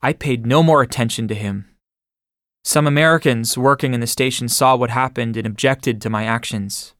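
Audiobook memoir reader, male, measured and steady, dry close recording. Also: mid-range voice, no echo. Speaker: audiobook narrator. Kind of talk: first-person memoir narration.

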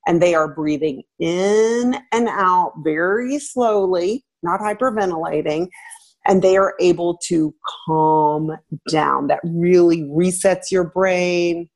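Husky woman giving lively parenting advice. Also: slow pace. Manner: animated, laughs, acts out quotes with pitch jumps. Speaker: parenting guest expert, former teacher. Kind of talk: conversational advice.

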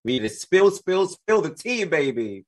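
A young British man, a TV and radio host, chatting as guest co-host in an upbeat, expressive way. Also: high voice, moderate pace. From United Kingdom. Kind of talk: casual chat.

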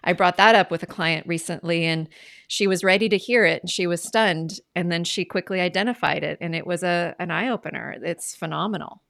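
A woman's voice: on the low side, a little fast, vocal fry, a bit bright. A woman hosting a podcast interview, answering in an affirming, enthusiastic way. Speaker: podcast host. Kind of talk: casual interview chat.

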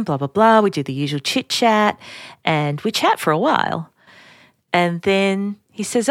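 A woman's voice: fairly low pitch, expressive, unhurried, smooth, no room sound, studio quality. A middle-aged woman with an Australian accent, hosting a podcast and telling personal stories in a chatty, self-deprecating way. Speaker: podcast host. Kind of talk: personal storytelling.

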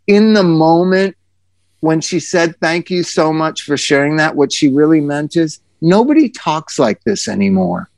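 Animated, swearing man telling stories. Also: a little high, vocal fry, no room sound. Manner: animated storyteller, swears freely, quick asides. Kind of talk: casual chat.

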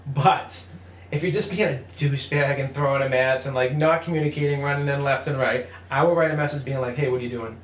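A man's voice: medium pitch, steady tone, quick pace, roomy sound, a little hiss or hum. A young man in casual gaming chat who tells stories animatedly, acts out what people said, laughs often and swears freely. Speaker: podcast co-host.

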